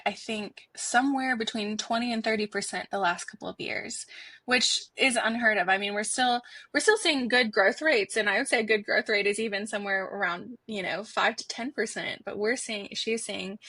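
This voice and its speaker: A woman's voice: mid-range voice, normal speed, sharp tone, husky, no room sound. A woman guest on a podcast interview, speaking in an earnest, heartfelt way with frequent restarts. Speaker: guest, foundation institute director.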